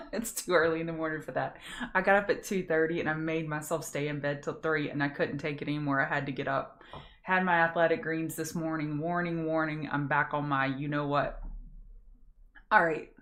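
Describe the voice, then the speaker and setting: A woman with a Louisiana Southern accent and a fairly low voice hosts a live pre-market trading show. She is chatty and folksy, greets viewers by name, and slows down to pronounce each word carefully. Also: fairly even intonation, a bit bright. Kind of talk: casual live-stream market commentary.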